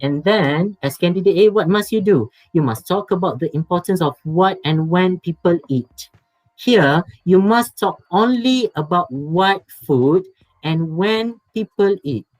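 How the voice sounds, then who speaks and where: A man's voice: high-pitched, animated, unhurried, no room sound, poor audio. Malaysian man teaching exam speaking skills. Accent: Malaysian English. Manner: repetitive, emphatic, drops to soft asides. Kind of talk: exam preparation lecture. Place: online workshop.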